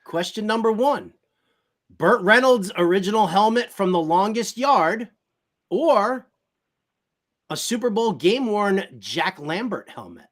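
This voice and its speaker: A man hosts a casual sports talk show with a fairly high voice. He teases his guest in a playful, game-show manner. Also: animated, a little slow. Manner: playful, teasing, game-show style quizzing.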